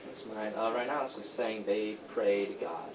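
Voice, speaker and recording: A man's voice: fairly low pitch, normal speed. A man in a language class giving tentative answers to the teacher. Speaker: language student. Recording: echoey classroom, far mic, noisy.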